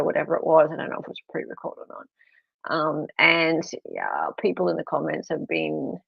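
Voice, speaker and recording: A woman from Australia hosts a relaxed stream, chatting and teasing between comments. The sound is close and dry, with a slightly dull, lo-fi quality. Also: low-pitched, vocal fry, no echo. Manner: chatty, teasing, laughs often. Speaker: stream host. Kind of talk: casual live-stream chat, reading comments aloud.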